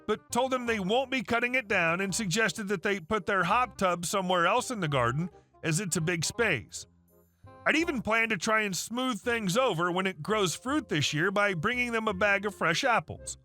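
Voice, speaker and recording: A man narrating online stories in an even, matter-of-fact way. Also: sits high. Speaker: story narrator.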